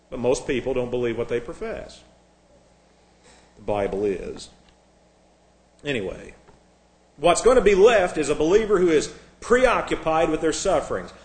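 Male pastor, fervent sermon delivery, slightly high voice, restarts and repeats, echoing room. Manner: fervent, emphatic, frequent restarts and repeated words. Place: church, at a pulpit.

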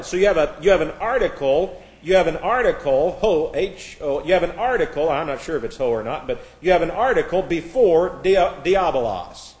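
Man, Bible class teacher, slightly high voice, spells words out, echoey room. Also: lively intonation, moderate pace, hardly any pauses, darkish tone. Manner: spells out words letter by letter, many restarts. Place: church classroom.

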